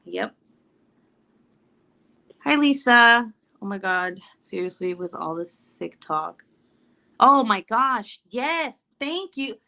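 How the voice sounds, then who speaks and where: A woman's voice: a little high, expressive, slow, creaky, long pauses, sharp tone. A woman in her thirties hosting a casual live stream, chatting and laughing with viewers. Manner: chatty and giggly, with many fillers.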